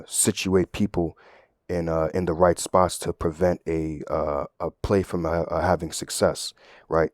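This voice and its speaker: A man's voice: deep voice, dry recording, studio quality. A man giving a casual, conversational Bible teaching, often checking in with "right?" and using everyday analogies. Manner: conversational, tag questions, sports analogies. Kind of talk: casual sermon.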